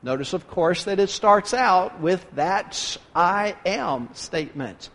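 Male pastor preaching an earnest sermon with deliberate pauses, bright high voice, recorded in a church with lingering reverb. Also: lively intonation. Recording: long hall reverb.

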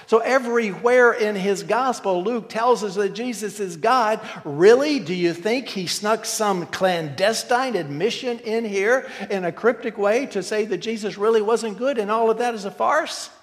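High-voiced man preaching in a reverberant hall. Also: moderate pace, few pauses. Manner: emphatic, asks many rhetorical questions. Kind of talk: sermon.

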